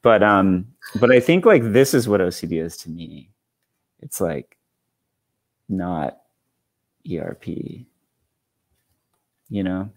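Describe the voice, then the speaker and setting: A man's voice: low-pitched, expressive, slow pace, long pauses. A man on a video call talking casually as a guest, rambling with lots of fillers and swearing freely. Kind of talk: casual chat.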